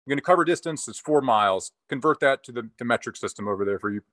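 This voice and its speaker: A man's voice: mid-range voice, expressive, quick pace, fairly bright tone, dry recording. Casual rambling man. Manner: rambling, profane, laughs often. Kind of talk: casual chat.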